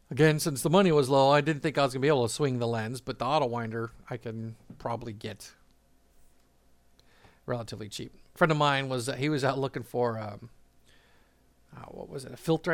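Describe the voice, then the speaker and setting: A man's voice: medium pitch, dry recording. A man casually telling a travel story, rambling with frequent fillers, restarts and laughter.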